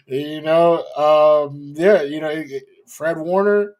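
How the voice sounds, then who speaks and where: A young man hosting a sports podcast, talking casually in a relaxed way with lots of "you know" and "um". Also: on the high side, slow, crowd noise. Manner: relaxed, hedging with many fillers. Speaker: podcast host.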